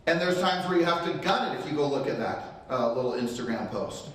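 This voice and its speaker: Lively intonation and a slightly quick pace mark this middle-aged real estate speaker's mid-range voice. Before a live audience, he tells a motivational story and acts out the quotes, his voice distant from the mic in a very echoey space.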